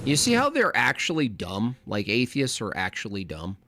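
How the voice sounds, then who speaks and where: A man hosts a live reaction stream, combative and openly scornful, slipping into silly mimicking voices to mock those he argues against. His medium-pitched voice swoops wildly, bright and forceful at normal speed. The recording is dry and close, with no room sound.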